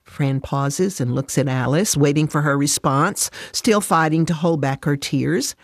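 Brief: woman reading a faith story, soft and steady, dead-dry booth sound. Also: deep voice, a little slow, hardly any pauses, no room sound. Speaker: narrator.

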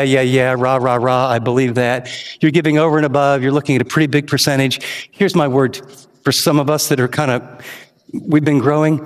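A pastor preaching a sermon, impassioned and pushing to emphatic questions, then closing in prayer. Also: male voice, mid-range voice. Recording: long hall reverb.

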